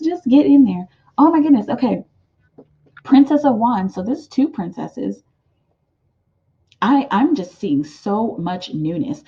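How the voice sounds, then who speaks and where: Give me a woman doing a chatty tarot reading with lots of fillers, on a dull lo-fi recording. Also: medium pitch. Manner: rambling and animated, with many fillers and laughs. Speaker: tarot card reader. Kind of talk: casual pick-a-card tarot reading.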